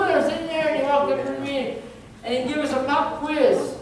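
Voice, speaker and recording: A male pastor delivers an emphatic sermon, repeating his points and breaking into chuckles as he tells stories. His voice rings through a very echoey church hall, caught from some distance off the microphone. A steady hum of room noise sits underneath. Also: very high voice, brisk, vocal fry. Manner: emphatic, repetitive, storytelling with chuckles. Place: church sanctuary.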